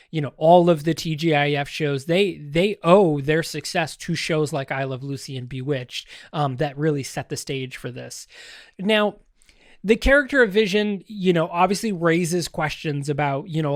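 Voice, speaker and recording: A man's voice: on the high side, no room sound, studio quality. A man hosting a podcast, rambling through casual pop-culture commentary with lots of fillers and restarts, joking and talking straight to the audience. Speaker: podcast host.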